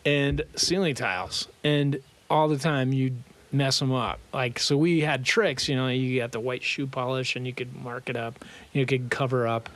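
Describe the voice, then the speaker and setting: A man co-hosting a podcast in casual chat, telling anecdotes in an animated way and laughing through them. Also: mid-range voice, normal speed. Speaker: podcast co-host.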